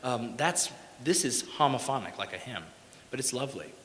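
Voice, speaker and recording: A man lecturing at a conference in a big hall, his voice ringing with long reverb. He speaks at a middling pitch and makes his points with folksy emphasis, often tagging them with "right?". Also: lively intonation, moderate pace, fairly bright tone, slight background noise. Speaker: music educator giving a conference talk. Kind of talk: conference lecture with sung examples.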